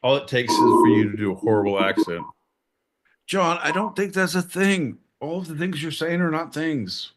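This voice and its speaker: A man's voice: on the high side, animated, moderate pace, heavy background noise. A man co-hosting a podcast, bantering casually, swearing and teasing with exasperation. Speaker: podcast co-host.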